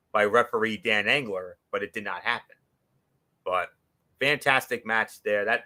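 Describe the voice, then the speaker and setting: Young male recap host, lowish bright voice, excitable, stumbles and repeats words. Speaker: wrestling show recap host. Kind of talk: casual show recap.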